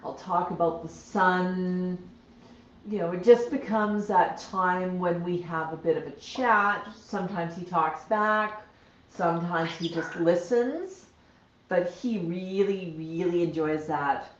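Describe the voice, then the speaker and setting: A woman with a lowish voice speaks at a slow pace over a little hiss or hum while hosting a casual home livestream. She coos to her parrots in baby talk and chats plainly with viewers, in a dull, roomy recording.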